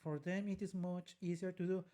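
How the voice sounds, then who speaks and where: A woman's voice: on the low side, steady tone, normal speed, mellow. A woman co-hosts a music commentary show. She walks through vocal technique with care and teaches as she talks. She breaks off now and then to sing short lines as examples. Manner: explanatory, demonstrates by singing phrases. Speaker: co-host and vocal coach.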